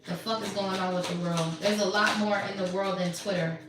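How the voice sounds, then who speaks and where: A woman's voice: mid-range voice, fairly even intonation, fairly quick, recorded from a distance, music in the background. A woman giving a tarot reading in a blunt, profane, slangy and mocking way. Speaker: tarot reader. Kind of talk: casual tarot reading monologue. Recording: very echoey room, voice off-mic.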